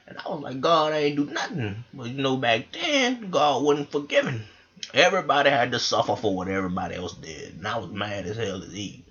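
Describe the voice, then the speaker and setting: A man's voice: mid-range voice, big pitch swings, fairly quick, a bit bright, highs cut off. A man telling a rambling, profane comic story into a microphone. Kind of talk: comedic monologue.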